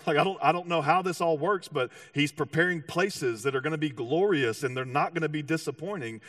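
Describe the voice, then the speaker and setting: A man preaching a sermon with animated storytelling, acting out voices and often restarting his sentences. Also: fairly high pitch, a little fast, no echo, clean studio sound, far from the mic. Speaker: pastor.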